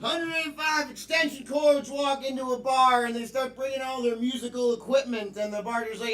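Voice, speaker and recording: A high, bright-voiced man performs improv on stage, landing pun jokes in a deadpan way. The theater around him is echoey. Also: fairly quick, few pauses.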